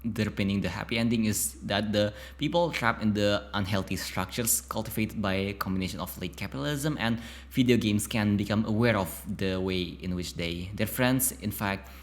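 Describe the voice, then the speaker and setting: A man's voice: fairly low pitch, normal speed. A man reading a narrative game's text aloud, often stumbling over words and breaking off into chatty asides to himself. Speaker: YouTuber playing a narrative game.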